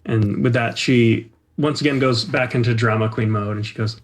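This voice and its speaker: A young man narrating a tabletop role-playing game as game master, relaxed, with fillers. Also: medium pitch, normal speed, hardly any pauses.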